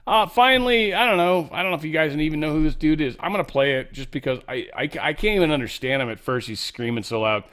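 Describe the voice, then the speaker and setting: A man's voice: a little high, animated, fast, hardly any pauses, a bit bright, clean tone. A man hosting a casual news commentary show, talking in a rambling, offhand way with lots of fillers and restarts. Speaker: show host.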